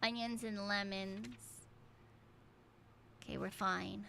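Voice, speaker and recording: A playful woman streamer talks through a game at an unhurried pace, casual and free with her swearing. A faint hiss sits behind her voice. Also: mid-range voice, level tone, gravelly, sharp tone. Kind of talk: casual gameplay commentary.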